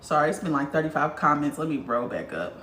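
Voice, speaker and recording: A woman's voice: sits low, fast talker, slight background noise. A woman hosting a casual spiritual livestream and reading viewer comments aloud, talking bluntly with lots of swearing. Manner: blunt, profane, animated talker. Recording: roomy, distant from the mic.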